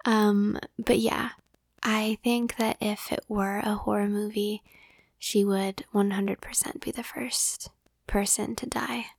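A woman's voice: mid-range voice, flat delivery, slow pace, vocal fry, no room sound. A young woman whispering as she reads out listener comments in a casual ASMR style, giggling often and joking about herself. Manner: whispered, giggly, self-deprecating. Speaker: ASMR audio creator.

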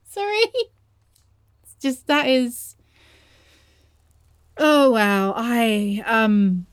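A woman's voice: on the high side, sing-song, very slow, clean tone, dry recording, clean studio sound, heavily acted. A woman playing a stammering, nervous young lover. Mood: nervous, shy. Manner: stammering, hesitant, nervous laughter. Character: nervous shy young woman confessing to her partner. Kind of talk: audio role-play.

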